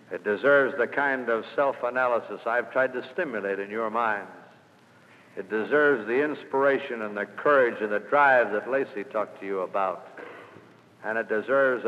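Older man telling a sales story. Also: on the low side. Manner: storytelling, builds to loud emphatic peaks then drops quiet. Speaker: sales speaker. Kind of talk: motivational speech with anecdotes. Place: lecture hall. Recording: old lo-fi recording in a large hall.

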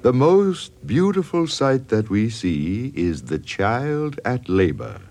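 An actor playing a pompous old-time industrialist who speaks in slow, self-satisfied pronouncements. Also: male voice, medium pitch, sing-song, a little mellow. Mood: smug.

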